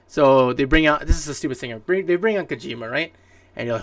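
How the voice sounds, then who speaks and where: A man's voice: a little high, fast talker, no room sound. A man hosting a solo podcast, chatting casually through gaming news in a rambling way, full of fillers and restarts. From Canada. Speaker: podcast host. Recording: distant mic, dry room.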